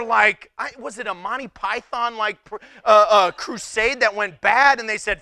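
A man's voice: very high-pitched, normal speed, creaky, few pauses, dry recording, clean studio sound. A man preaching a humorous sermon, telling stories with frequent laughter and incredulous exclamations. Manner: animated storytelling with frequent laughter. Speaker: pastor.

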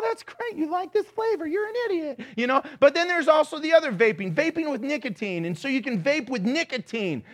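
A man's voice: extremely high pitch, fairly bright tone. A middle-aged man preaching a sermon, telling stories animatedly with laughter and mimicked voices. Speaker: pastor.

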